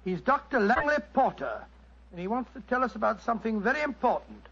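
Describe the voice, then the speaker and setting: A man's voice: very high voice, very animated, brisk, creaky, a bit bright, husky, full character voice. An actor playing an earnest, good-natured male doctor in a 1940s radio show. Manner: earnest, eager. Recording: dull lo-fi old radio recording.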